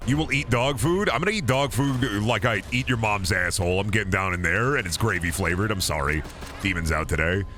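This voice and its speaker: Bright-voiced, foul-mouthed male streamer. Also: on the low side, fairly quick, a little hiss or hum. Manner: crude, rambling, joking with lots of swearing. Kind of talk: casual gaming stream chatter.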